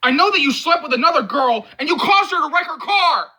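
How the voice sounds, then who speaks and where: A man voicing a protective young male friend who scolds and yells at a drunk companion. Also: extremely high pitch, lively intonation, normal speed, pitched above the performer's own voice, heavily acted. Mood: scolding, shouting. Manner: yelling, scolding.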